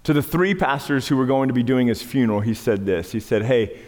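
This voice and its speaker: A male pastor delivers a sermon at a middling pitch. His delivery swings from rising emphatic peaks to hushed storytelling, and the long reverb of a large hall trails every phrase. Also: animated, brisk.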